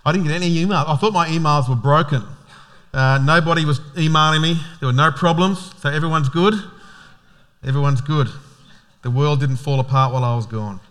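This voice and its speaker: Chatty Australian pastor, joking and rambling. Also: male voice, on the high side, fast, fairly bright tone. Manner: chatty, joking, many fillers and restarts. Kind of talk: casual sermon.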